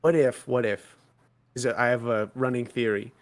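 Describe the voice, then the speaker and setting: A man's voice: mid-range voice, steady tone, normal speed. A man playing a tabletop role-playing game, chatting casually with dry, sarcastic banter.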